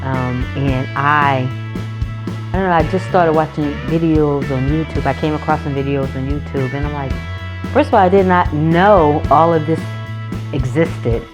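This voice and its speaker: Woman vlogger, deep voice, rambling casual storytelling, guitar music behind. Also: normal speed. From North Carolina, USA. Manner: rambling, storytelling with self-corrections. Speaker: nail vlogger. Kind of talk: casual chat.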